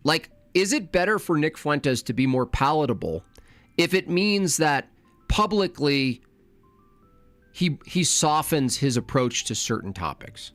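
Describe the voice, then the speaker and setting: A man's voice: a little high, animated, unhurried, fairly bright tone, dry recording, soft background music. A man hosting a reaction commentary, talking in a blunt, argumentative and sardonic way. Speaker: commentary channel host.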